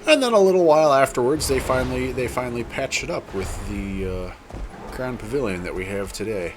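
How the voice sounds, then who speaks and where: A man talking through his gameplay in a loose, rambling way. His pitch sits in the middle and moves around a lot, with faint noise behind him. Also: animated, fairly quick. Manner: rambling, chatty, self-correcting. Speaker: gameplay video host. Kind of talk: casual gameplay commentary.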